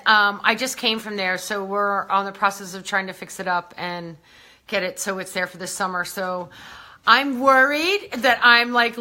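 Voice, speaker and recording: A woman's voice: a little high, bright, forceful tone. A woman hosting a casual beauty livestream, chatting and greeting viewers by name, a little out of breath. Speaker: beauty brand host.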